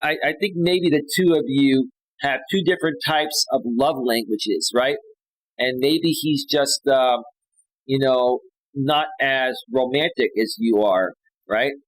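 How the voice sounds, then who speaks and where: A man's voice: medium pitch, measured pace, no room sound, rough recording. Blunt opinionated man, dry close sound. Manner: blunt, opinionated, many fillers and repeated "right?". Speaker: life coach and livestream host. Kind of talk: casual livestream commentary reading posts.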